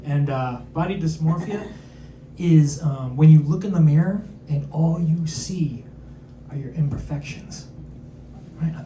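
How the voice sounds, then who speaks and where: A male stand-up comedian doing a self-deprecating set, tossing quick asides to the crowd. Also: fairly high pitch, mellow. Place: comedy club with live audience. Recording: echoey club, distant mic, crowd noise.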